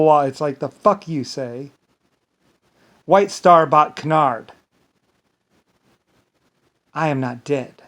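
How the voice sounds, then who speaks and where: A man on an angry, rambling rant, speaking at a middling pitch. He swears freely, trips over his words and restarts them, and keeps filling gaps with dismissive "blah, blah.". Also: gravelly, fairly bright tone. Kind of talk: monologue rant to camera.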